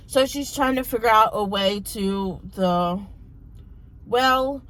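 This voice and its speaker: A woman in her thirties, a book vlogger, chatting casually and retelling a plot in a rambling way, her voice a little hoarse from talking so much. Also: on the high side, extremely slow, a bit bright, poor audio. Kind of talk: casual book vlog chat.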